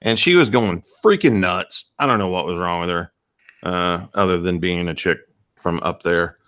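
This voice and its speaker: A man's voice: low-pitched, moderate pace, fairly bright tone. A man co-hosting a casual podcast, telling crude jokes and laughing often. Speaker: podcast co-host. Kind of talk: casual uncensored chat.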